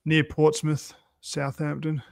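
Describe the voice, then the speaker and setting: A man's voice: a little high, monotone, creaky. An Australian man co-hosting a casual podcast, chiming in with short quips and asides. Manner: quick quips and short interjections. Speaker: podcast co-host. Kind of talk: casual late-night podcast chat.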